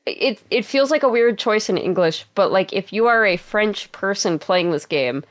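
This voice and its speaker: A woman's voice: medium pitch, animated, normal speed. A woman on a podcast panel, telling self-mocking stories in casual chat.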